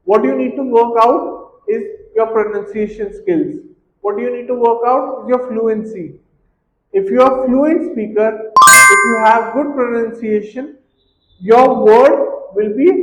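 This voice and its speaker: Male language tutor, very high voice, slow and repetitive, talks to camera, echoey room. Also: a little hiss or hum. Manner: poses rhetorical questions, repeats key points. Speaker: English exam tutor. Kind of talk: instructional talk to camera. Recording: dull, echoey room recording.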